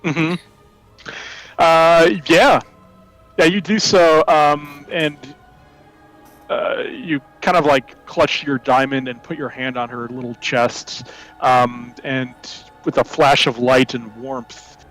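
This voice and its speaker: A man's voice: medium pitch, fairly even intonation, slow, a bit bright, soft background music, low-quality recording. A man narrating a tabletop game as game master in a loose style full of fillers.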